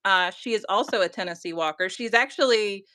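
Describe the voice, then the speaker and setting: A middle-aged woman with a mild Southern accent chats on a craft livestream. She is self-deprecating and laughs often. Her voice is bright and forceful, and the recording is dry and close. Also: medium pitch, brisk, no echo. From Georgia, US. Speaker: guest crafter. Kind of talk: casual livestream chat.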